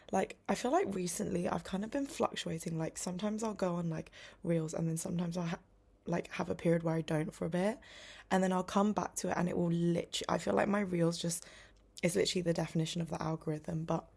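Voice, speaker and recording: A young woman talks to camera in a loose, rambling vlog, full of fillers and restarts. Her voice sits slightly low and has a gravelly, fry-laden edge. At times she sinks into a soft whisper, as if keeping quiet at home. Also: fairly even intonation, brisk. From United Kingdom. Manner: chatty, rambling, often drops to a whisper; many "like" fillers, self-interrupting. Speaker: vlogger. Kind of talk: casual vlog chat.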